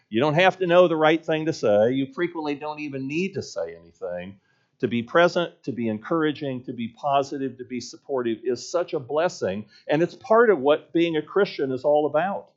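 A man's voice: mid-range voice, highs cut off. A man preaching a sermon as a pastor, telling a story in an earnest voice and building points through repetition.

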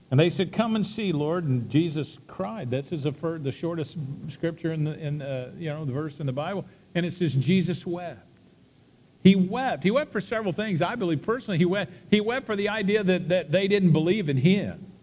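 A man's voice: high voice, darkish tone, in a large hall. A man preaching a sermon, retelling a story in a conversational way with many repeats and restarts.

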